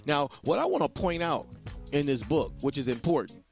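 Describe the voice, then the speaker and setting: A man's voice: fairly high pitch, sing-song, normal speed, vocal fry, faint music behind. A man hosting a podcast, talking in an emphatic, repetitive monologue and preaching to his listeners. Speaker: podcast host. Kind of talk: casual monologue.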